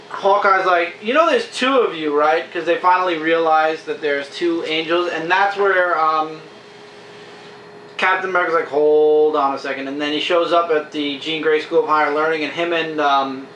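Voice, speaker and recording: A man chatting casually as a comic book reviewer, enthusiastic and acting out characters' lines in quick quotes. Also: a little high, steady tone, pushed and bright, recorded from a distance. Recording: echoey room, faint hiss.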